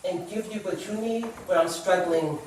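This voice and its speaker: A woman's voice: fairly low pitch, moderate pace, background noise. A middle-aged woman, a guest author, sharing a personal story on a talk show in an earnest, reflective way. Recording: echoey room, far from the mic.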